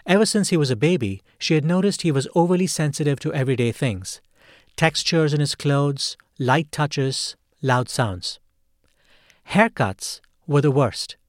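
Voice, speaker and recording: Measured male podcast host. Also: a little high, no room sound, studio quality. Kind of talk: scripted narration.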